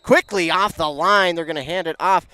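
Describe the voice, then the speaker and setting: Local football announcer guy calling the plays, voice kinda high, gets loud and excited on runs, keeps correcting himself. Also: normal speed, clear, resonant tone, no echo. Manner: excitable on big plays, self-correcting, chatty. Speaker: play-by-play announcer. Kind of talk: local football play-by-play commentary.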